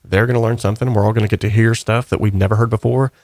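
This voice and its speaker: Male host, low gravelly voice, dry close sound, casual rambling comment-reading. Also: rapid-fire, no room sound. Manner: rambling, relaxed, upbeat. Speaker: channel host.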